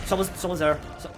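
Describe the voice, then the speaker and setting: A young man hosting a gaming channel, giving let's play commentary; excitable, he yells at the game and swears. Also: high voice.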